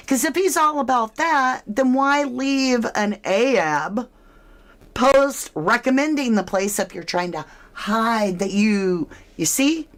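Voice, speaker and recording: A woman's voice: fairly high pitch, animated, takes it slowly. A woman giving casual, speculative true crime commentary, asking her listeners questions as she goes.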